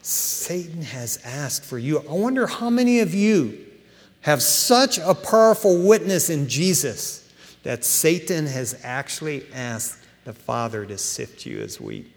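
A man preaching a sermon as pastor, animated and emphatic, with casual asides to his congregation. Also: a little high, measured pace. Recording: long hall reverb.

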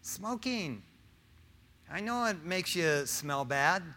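A middle-aged man preaches casually and unhurriedly, his high voice pushed and bright with lively intonation. He engages the congregation directly through questions, slang, and his personal testimony.

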